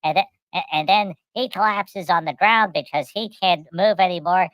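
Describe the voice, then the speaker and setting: Woman, lowish voice, rambling comic storyteller, stammers and repeats, dry close mic. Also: normal speed, a bit bright, dry recording, rough recording. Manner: rambling, repeats words and restarts, acts out the people in her stories.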